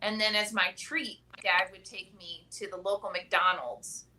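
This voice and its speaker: A woman at a middle pitch spins a casual personal story, full of "like" and "right?" as she goes. Steady noise and little clicks sit under her voice. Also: a little slow, low-quality recording. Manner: chatty, peppered with "like" and "right?". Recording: clear background noise with clicks.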